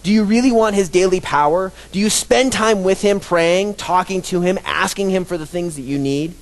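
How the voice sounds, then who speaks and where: A man's voice: sits high, moderate pace. A pastor preaching a sermon to his congregation, emphatic and repetitive, leading the room in call-and-response. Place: church sanctuary. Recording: long hall reverb.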